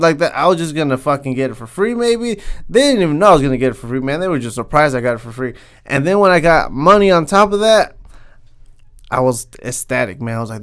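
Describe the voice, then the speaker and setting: Fired-up young man ranting, smooth voice. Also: medium pitch, fairly quick, a bit bright. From Southern California. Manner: heated, swears constantly, says "man" a lot. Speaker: podcast host. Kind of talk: profane comedic rant.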